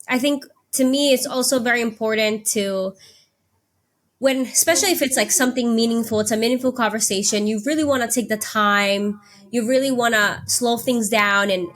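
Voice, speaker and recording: A woman hosting a podcast, who affirms her guest warmly and reflects aloud in a thoughtful way. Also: fairly high pitch. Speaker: podcast host. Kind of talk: conversational interview.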